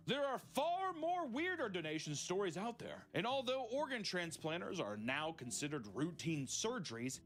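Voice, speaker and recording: A male streamer in casual chat, reading strange stories aloud and cracking himself up. His voice sits somewhat high and swoops all over the place, and he keeps breaking into laughter and crude jokes. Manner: animated, laughs often, swears, mimics people in silly voices.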